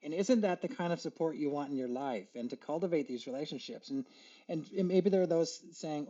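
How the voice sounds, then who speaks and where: Reflective man with a dark, muffled voice. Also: a little high, fairly quick. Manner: reflective, stammers and restarts, acts out inner dialogue. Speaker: podcast guest. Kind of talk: casual conversation. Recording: dull, muffled sound.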